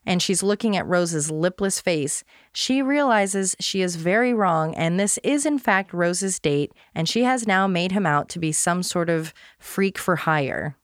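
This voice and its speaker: A woman's voice: lowish voice, expressive, unhurried, few pauses, dry recording, studio quality. A woman podcast host reading a scripted scene recap aloud, with playful, self-deprecating humor.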